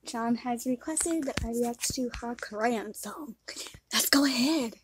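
A woman's voice: a little high, slow pace, very noisy. A young woman hosting a reaction video, chatting casually with a giggly manner.

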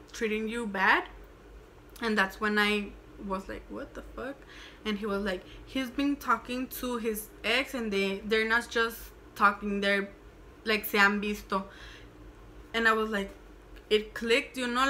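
A woman's voice: fairly high pitch, sharp tone, a little hiss or hum. Chatty young woman telling a story. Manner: chatty, swearing, switching into Spanish. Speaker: vlogger. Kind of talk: casual storytime.

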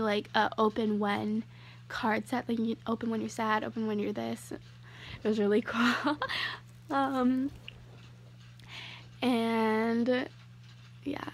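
Young woman vlogging, gushy, lots of "like"s, kinda high voice, faint hum behind. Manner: gushing, many fillers and "like"s. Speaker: YouTuber. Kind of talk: casual vlog rant.

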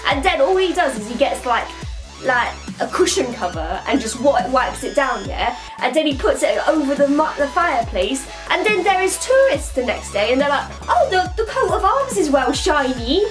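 A woman's voice: high voice, sing-song, normal speed, music in the background. A woman doing a rambling comic monologue full of slang, ending lines with 'mate' and 'yeah?'. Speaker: vlogger playing a comic persona.

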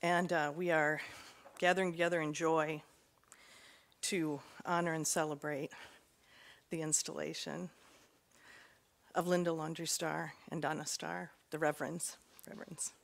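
A woman serving as board president gives halting welcoming remarks at a service, her voice shaky with emotion. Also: low-pitched, flat delivery, vocal fry. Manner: halting, with many pauses and fillers.

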